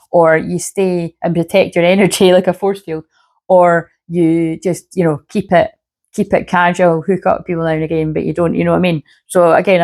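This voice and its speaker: A woman with a low, gravelly voice gives a casual spiritual reading to camera. Her throat is sore and a little rough from filming. She rambles, swears freely and keeps checking in with "you know what I mean". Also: a little mellow. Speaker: shamanic healer and spiritual reader.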